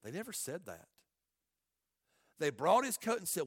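High-voiced, bright impassioned male preacher. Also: very animated, unhurried, no room sound, clean studio sound. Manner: impassioned preaching, swinging from hushed to shouting. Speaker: pastor. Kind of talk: sermon.

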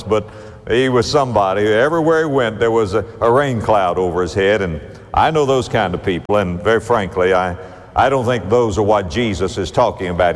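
A man preaching a sermon, emphatic and rhythmic, slowing down dramatically on key phrases. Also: fairly low pitch. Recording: long reverb of a large hall.

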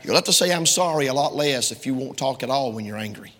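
A man's voice: mid-range voice, expressive, fast talker, fairly bright tone, in a large hall. A man preaching a sermon to a congregation, quoting King James scripture emphatically and speaking to his listeners directly.

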